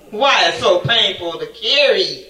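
Preaching a sermon woven with stories, a man with a high-pitched, pushed and bright voice pleads passionately with God, swinging from pleading to laughter. He's recorded from afar in a room full of echo.

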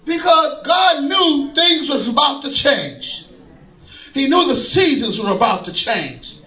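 A man preaching a folksy sermon, laughing often and rising to shouts. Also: extremely high pitch, big pitch swings, takes it slowly, echoey room, poor audio.

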